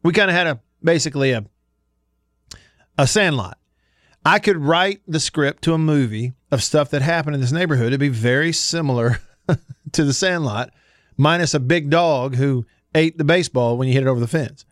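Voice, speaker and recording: A man's voice: on the high side, normal speed, dry recording, studio quality. A man in his forties from Alabama with a Southern accent, hosting a sports radio show and telling stories in a chatty way, laughing often. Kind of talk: casual sports radio talk.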